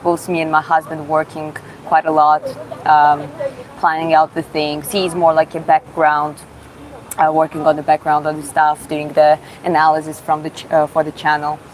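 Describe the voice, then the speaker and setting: A woman with a Georgian accent and a slightly low voice runs a casual live Q&A. She reads viewers' questions aloud and answers in halting, self-taught English. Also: completely flat delivery, a little hiss or hum, poor audio. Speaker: livestreamer answering chat questions.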